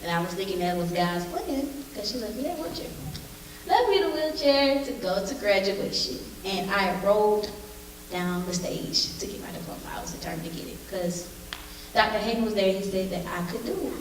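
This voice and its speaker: A woman's voice: mid-range voice, animated, normal speed, a little hiss or hum. Woman telling her story in echoey hall. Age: 20s. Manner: chatty, addresses audience directly. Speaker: alumna speaker and singer. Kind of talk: personal story at a showcase. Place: school auditorium with audience. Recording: echoey hall, distant mic.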